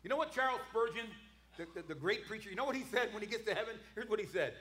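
A man's voice: high-pitched, expressive, fast talker, fairly bright tone, roomy sound. A man preaching a sermon, emphatic, repeating words and calling for responses from the congregation.

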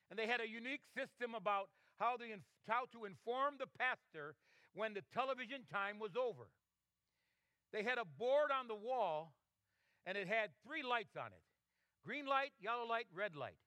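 A man's voice: high-pitched, bright, forceful tone, no echo. A man preaching a sermon, emphatic and fond of rhetorical questions. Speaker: pastor.

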